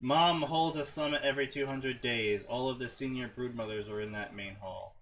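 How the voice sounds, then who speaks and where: A man casually commentating on fanfiction he reads aloud, sardonic and quick to swear. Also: medium pitch, steady tone, a bit bright, a little hiss or hum. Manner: sardonic, laughs a lot, swears.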